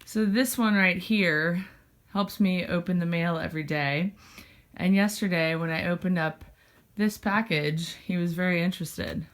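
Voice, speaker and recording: A woman's voice: lowish voice, a little slow. A woman hosting a casual cat vlog at home, chatty and rambling with lots of fillers, a little out of breath. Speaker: cat blog host. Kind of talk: casual vlog talking to her cats and viewers. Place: indoors at home.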